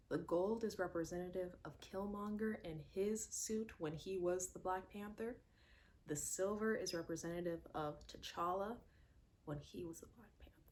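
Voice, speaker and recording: Animated woman reacting to a movie. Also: medium pitch. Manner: animated and emphatic, repeats lines for effect. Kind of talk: casual movie reaction monologue.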